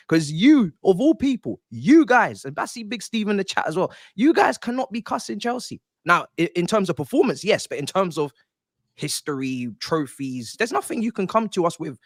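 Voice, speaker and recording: A man on a football panel, ranting in theatrical mock outrage. His pitch swings widely, and his voice sounds dry and close. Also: big pitch swings, fairly quick, a bit bright, dry recording. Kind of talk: football fan banter.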